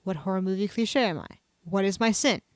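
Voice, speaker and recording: Woman streamer reading dumb quizzes out loud, sarcastic, swears a lot, dry close mic, middle pitch. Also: a little fast, no echo.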